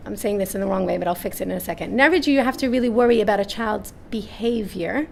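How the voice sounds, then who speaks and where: Fast and gravelly, with hardly any pauses, a medium-pitched woman tells anecdotes at a live parenting seminar, speaking to an audience in a seminar room. She animatedly acts out voices and repeatedly asks "right?" There's slight background noise.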